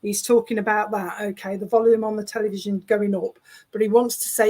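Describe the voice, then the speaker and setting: A woman working as a spiritualist medium, relaying spirit messages over a video call in a chatty, halting, reassuring way. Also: medium pitch, level tone, a little mellow.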